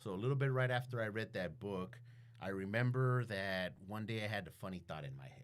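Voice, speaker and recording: A man chatting as a podcast guest, telling animated stories full of profanity and acting out everyday conversations. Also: on the low side, fairly quick. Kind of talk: casual chat, storytelling.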